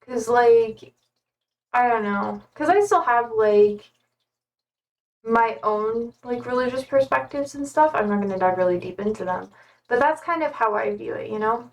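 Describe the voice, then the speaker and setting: A woman's voice: on the high side, a little slow, vocal fry, recorded from a distance, rough recording. Rambling young woman streamer, a bit off-mic. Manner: rambling, many fillers, talking to her cats. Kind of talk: casual chat.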